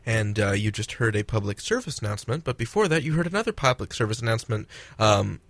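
A young man co-hosting a student radio show, chatting casually and joking with sudden yelling bits. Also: lowish voice, lively intonation, fast, no echo. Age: young adult. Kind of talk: casual comedic radio banter.

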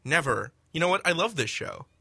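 A man doing playful improvised banter on a college radio comedy show, goofy and excitable. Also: fairly high pitch, fairly quick, creaky, husky, no echo.

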